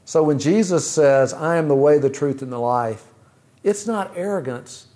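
Man preaching, fairly high voice. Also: dark tone. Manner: measured, rhetorical questions. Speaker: pastor. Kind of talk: sermon.

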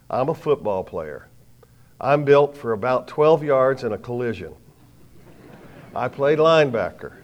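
Folksy preacher telling stories. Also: male voice, medium pitch. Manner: folksy, animated storytelling with sudden loud bursts and quiet drops. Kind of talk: sermon with personal stories.

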